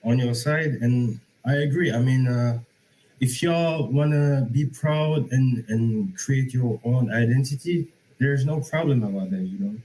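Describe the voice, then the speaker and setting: A man's voice: medium pitch, a little slow, warm tone, poor audio. A young man from Senegal with a Senegalese accent, calling in to argue, hesitant and full of fillers but insistent. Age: young adult. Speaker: caller. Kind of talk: call-in debate.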